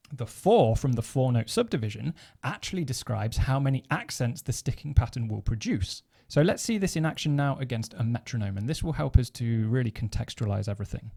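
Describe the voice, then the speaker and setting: Dark-voiced male drum teacher. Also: mid-range voice, creaky. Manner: methodical, counts beats aloud while playing. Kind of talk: instructional explanation.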